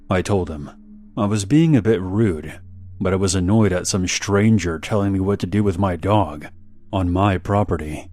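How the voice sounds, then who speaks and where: A man with a very low voice narrating a scripted horror story. He reads in a measured, steady way, letting each line land.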